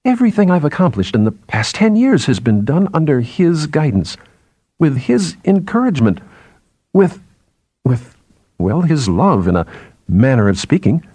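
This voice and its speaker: A man voicing an anxious male astronomer, devoted to his old mentor, who sounds distressed and pleading, his voice climbing high. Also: sing-song, normal speed, dark tone, breathy edge, no echo. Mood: anguished.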